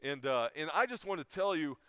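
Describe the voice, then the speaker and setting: With a slightly high, sing-song voice, a middle-aged man delivers an informal chapel talk, telling a personal story emotionally and restarting many times. He speaks a little fast in a fairly bright, clean tone, captured in a dry, studio-quality recording.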